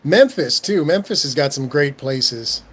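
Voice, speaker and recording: A young man with a relaxed Southern Californian accent chats casually on a livestream. He answers his viewers in a laid-back way, stumbling over his words and chuckling often. His voice sits a touch high for a man, with a faint hiss of noise behind it. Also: unhurried. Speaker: livestream host.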